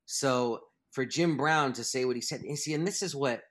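Male author guest, mid-pitched, emphatic and animated, talkative interview style. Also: moderate pace. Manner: animated, emphatic, restarts thoughts. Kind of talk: interview conversation.

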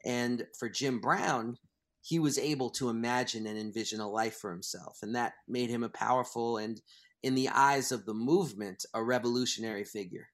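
A man's voice: medium pitch, fairly even intonation, moderate pace. A man being interviewed as an author, talking emphatically and at length, restarting his thoughts as he goes. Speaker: author and guest. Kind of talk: interview conversation.

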